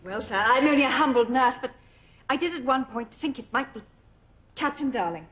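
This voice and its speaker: A prim, coquettish young nurse, speaking in a high, demure voice. Faint hiss sits under the TV clip. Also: female voice, fairly quick, a bit bright. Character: prim young woman nurse, a secret spy. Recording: TV clip audio with faint noise.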